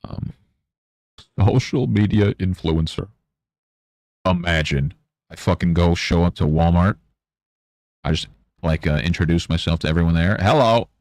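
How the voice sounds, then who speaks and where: Young male streamer, deep gravelly voice, dry close mic, rambling sarcastic chat. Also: steady tone, normal speed, pauses often, a little mellow, dry recording. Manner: rambling, sarcastic, mocks imagined interviewers in high voices. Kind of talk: casual chat while painting.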